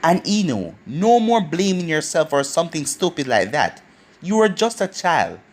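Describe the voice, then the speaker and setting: A reader voicing a gentle, reassuring young man. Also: medium pitch, big pitch swings, moderate pace. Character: young man comforting a crying girl.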